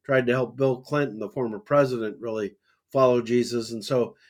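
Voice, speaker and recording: A man co-hosting a religious discussion podcast, talking in a halting way with many fillers and restarts. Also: mid-range voice, fairly even intonation. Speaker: podcast co-host.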